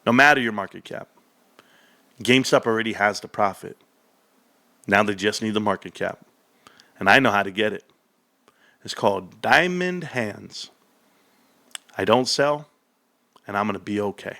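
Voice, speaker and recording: A man giving excited solo commentary on a company's earnings, emphatic and repetitive, talking straight to his viewers. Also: on the low side, normal speed, pauses often. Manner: hyped, emphatic, repeats phrases, addresses viewers as guys. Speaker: stock commentary youtuber.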